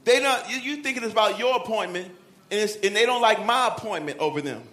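A man preaching a sermon in a lively, animated way, shouting at times and dropping to a hush, acting out Bible figures. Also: sits high, fast talker, roomy sound.

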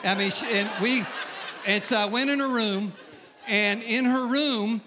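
A middle-aged man preaching to a crowd, with a high voice that rings bright and forceful. He tells his story with humor and keeps checking in with the listeners. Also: measured pace, slight background noise. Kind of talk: sermon testimony.

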